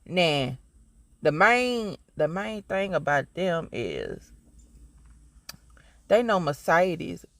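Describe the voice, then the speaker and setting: A man's voice: fairly high pitch, huge pitch swings, drawn-out words, vocal fry, pauses often, fairly bright tone, no room sound, studio quality. A man from Mississippi with a Southern accent, giving a rambling, profane, emphatic TV review in casual chat. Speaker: TV show reviewer.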